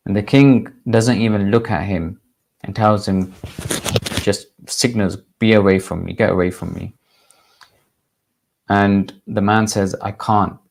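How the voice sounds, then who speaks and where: Low-voiced man telling a sermon story. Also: darkish tone. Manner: measured, deliberate storytelling. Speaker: religious teacher.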